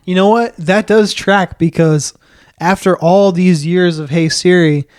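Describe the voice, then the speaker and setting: A male podcast co-host with a slightly higher voice, chatting casually and telling stories with a loose, rambling flow. The sound is dry and close-miked. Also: fairly even intonation, measured pace, no echo. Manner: rambling storytelling with fillers and restarts. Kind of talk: casual chat.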